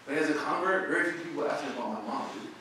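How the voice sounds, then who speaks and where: Racing along with lively intonation, the Oklahoma imam's fairly high voice sounds bright and forceful as he tells stories in slangy, casual style and voices other people's lines. The lecture room hall is very echoey, the mic is distant, and there is slight background noise.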